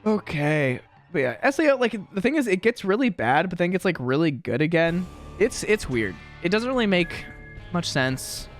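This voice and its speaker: A young gaming commentator rambles through casual gameplay commentary in his room at home, chatty and self-mocking. His slightly high voice bounces around with lively energy at a brisk pace, over faint background music.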